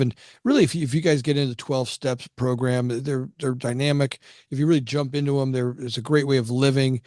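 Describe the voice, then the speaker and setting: A man's voice: mid-range voice, darkish tone, no echo, clean studio sound. A middle-aged man, a podcast guest, telling his life story in a casual, rambling way, often repeating words and acting out what other people said. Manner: rambling, repeats words, acts out quoted dialogue.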